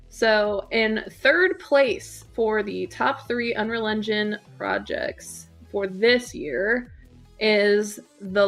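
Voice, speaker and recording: A woman hosting a livestream, chatting casually and warmly while playing game entries. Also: fairly high pitch. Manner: relaxed, friendly, laughs easily.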